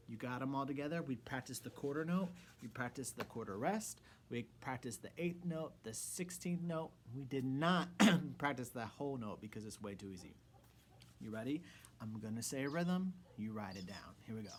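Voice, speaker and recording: A man's voice: mid-range voice, a little hiss or hum. A man who is a music teacher, giving a rhythm lesson to children in an encouraging way and chanting rhythm syllables.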